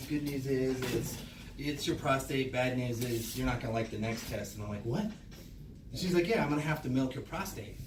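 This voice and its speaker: A male stand-up comedian telling a crude, profane story, acting out his own reactions in loud bursts. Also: fairly high pitch, roomy sound, far from the mic, noisy background. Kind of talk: stand-up set. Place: small comedy club stage. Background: audience laughter.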